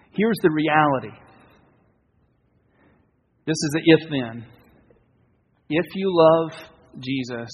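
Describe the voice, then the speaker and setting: Husky man preaching in a hall. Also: a little high. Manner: earnest, conversational preaching with pauses and restarts. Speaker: pastor. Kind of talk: sermon. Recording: dull, reverberant hall sound.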